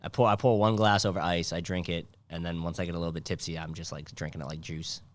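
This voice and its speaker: A man hosting a casual comedy podcast, rambling and sardonic, breaking into loud mocking impressions. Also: deep voice, flat delivery, fast talker, no echo. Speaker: podcast host. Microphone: studio mic.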